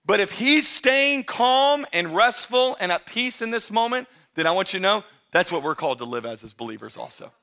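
Male pastor, high-pitched and bright, animated sermon delivery. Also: normal speed, hardly any pauses. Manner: energetic, conversational preaching, swings from loud shouts to quiet asides.

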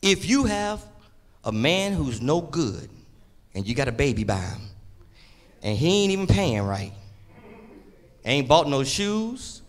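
Fervent, high-voiced preacher man. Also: sing-song, slow pace, long pauses. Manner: emphatic, folksy, repeats key phrases. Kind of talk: sermon.

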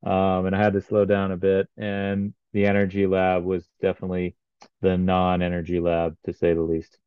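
Man, triathlete, casual podcast chat, low smooth voice, dry and slightly dull sound. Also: completely flat delivery, normal speed, dry recording. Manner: rambling, many ums and uhs. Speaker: triathlete recounting a race.

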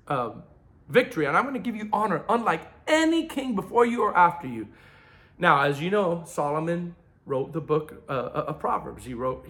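Preaching as a pastor, a man with a fairly high voice swings between loud, emphatic bursts and quiet asides during his sermon.

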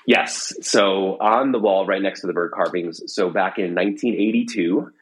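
Low husky-voiced middle-aged man. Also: normal speed, low-quality recording. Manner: rambling, with many fillers and restarts. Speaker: podcast guest, collector. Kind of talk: casual conversation. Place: room at his home.

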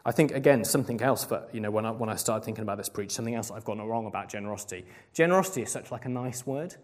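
Fast-talking man preaching casually. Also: fairly low pitch. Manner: casual and chatty, full of "like" fillers. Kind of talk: conversational sermon.

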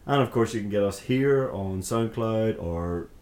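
A man's voice: fairly low pitch, measured pace, darkish tone. A man co-hosting a podcast in casual, sweary chat, laughing often. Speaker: podcast co-host. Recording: roomy echo.

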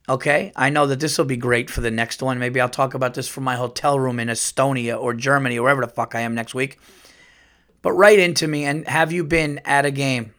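A middle-aged man hosting his own podcast, talking casually in a profane, rambling, animated way. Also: medium pitch. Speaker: podcast host. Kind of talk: casual solo podcast monologue.

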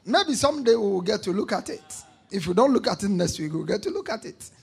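Gravelly, husky-voiced male pastor preaching. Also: sits high, big pitch swings, fast talker. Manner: emphatic preaching, repeating lines and prompting call-and-response; bursts into shouting on key points. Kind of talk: sermon.

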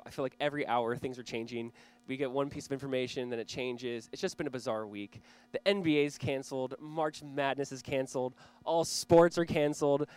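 A man's voice: medium pitch, smooth. A man in his thirties preaching a sermon as pastor, conversational and earnest, with small laughs and restarts.

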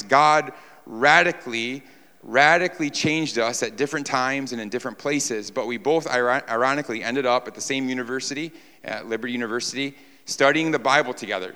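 A man's voice: mid-range voice, bright, forceful tone, clean tone. A man from New York preaching a sermon to a congregation, emphatic, repeating his phrases and asking rhetorical questions. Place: church sanctuary before a congregation. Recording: long reverb of a large hall.

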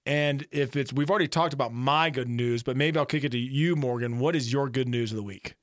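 A man's voice: medium pitch, fairly quick, no room sound, studio quality. A man hosting a casual sports radio show, upbeat and loose as he steers the segments.

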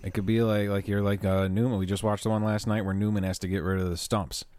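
Joking, foul-mouthed low-voiced man. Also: little pitch movement, quick pace, darkish tone. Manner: profane, jokey, rambling. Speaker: podcast co-host. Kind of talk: casual chat.

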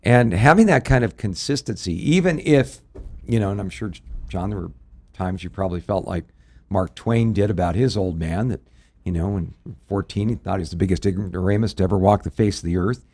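A middle-aged male pastor talks through a ministry radio discussion with a fairly low voice. He is folksy and anecdotal, and he weaves scripture and family stories into his points. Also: fairly quick, a little mellow, breathy edge.

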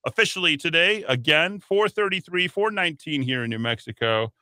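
A man's voice: on the high side, animated, a little fast, pushed and bright, no echo. A man hosting a talk radio show, riffing on the news with sarcastic, mocking asides into a studio mic.

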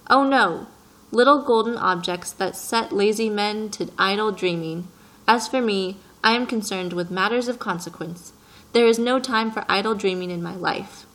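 A woman's voice: mid-range voice, moderate pace, fairly bright tone, close to an everyday voice, low-quality recording. A fussy, self-important businessman speaks with precise, slightly raised force, as a woman reading an audiobook puts him on. He is peevish and pompous, a middle-aged man sure of his own importance.

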